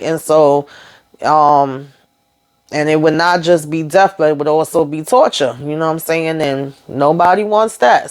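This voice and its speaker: A woman's voice: low voice, fairly even intonation, a little slow, clean tone. A woman hosting a casual TV episode recap, chatty, retelling scenes in loose paraphrase with lots of fillers and tag questions. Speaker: TV recap host.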